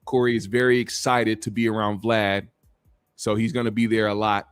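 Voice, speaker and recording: A man's voice: on the low side, flat delivery, moderate pace, smooth, no room sound, faint music behind. A man hosting a casual commentary stream, rambling in a laid-back, profane way. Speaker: show host.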